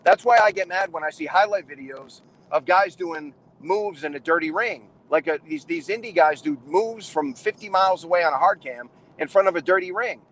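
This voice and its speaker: A man's voice: fairly high pitch, moderate pace, few pauses, poor audio. A middle-aged man hosting a wrestling trainers' chat, casually rambling and emphatic, with frequent restarts. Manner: rambling, restarts often, calls people man and brother; animated and emphatic. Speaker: wrestling trainer and show host.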